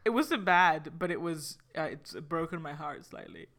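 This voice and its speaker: A woman's voice: low-pitched, expressive, normal speed, fairly bright tone. Giggly, self-deprecating woman podcast host. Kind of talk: casual chat.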